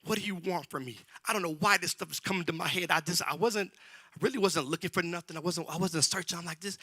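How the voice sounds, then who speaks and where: A man preaching a sermon in a church, talking in a loose, colloquial way and swinging between shouts and whispers. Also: sits high, fast, no echo, studio quality. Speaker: pastor. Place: church sanctuary.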